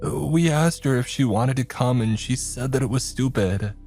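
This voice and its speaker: A man voicing a frightened teenage girl who speaks haltingly, in a horror story reading. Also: mid-range voice, darkish tone, soft background music, pitched above the performer's own voice, close to an everyday voice. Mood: scared. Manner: halting, pleading.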